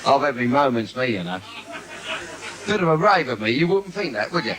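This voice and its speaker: This comedian talks briskly in a mid-range, very animated voice. With a London accent, he works a theatre stage in a live bawdy set, all brash, cheeky patter and asides teasing the crowd, captured amid the venue's noise.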